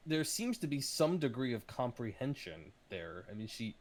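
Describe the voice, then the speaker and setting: A man narrating as game master of a tabletop game, hesitant, with many ums and uhs. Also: fairly low pitch.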